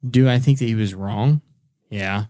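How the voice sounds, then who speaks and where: A man's voice: fairly low pitch, moderate pace, dark tone, no echo, clean studio sound. A young man co-hosting a podcast, telling stories in a rambling, casual way with lots of restarts. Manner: rambling storyteller, many restarts and fillers. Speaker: podcast co-host. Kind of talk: casual chat.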